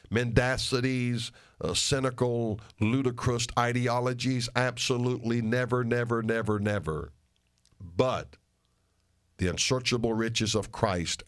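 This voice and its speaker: An older man, a pastor, making an earnest and emphatic appeal to his listeners, repeating phrases for stress. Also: medium pitch. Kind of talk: radio sermon and ministry appeal.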